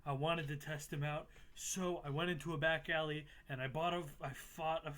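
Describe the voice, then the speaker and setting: A young man with a somewhat high voice recaps his game playthrough in a loose, rambling way. He swears freely and makes fun of his own mistakes. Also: fairly even intonation, normal speed, fairly bright tone. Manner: casual, swears freely, self-mocking, laughs at himself. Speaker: gaming YouTuber. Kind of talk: casual playthrough recap narration.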